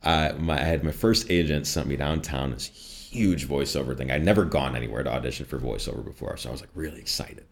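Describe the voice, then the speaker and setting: A man in his thirties with a slight Midwestern accent, chatting in an interview as a voice actor and coach, an animated storyteller who often laughs. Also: very deep voice, fast, vocal fry, hardly any pauses. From US Midwest, Chicago northwest suburbs. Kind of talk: casual interview chat.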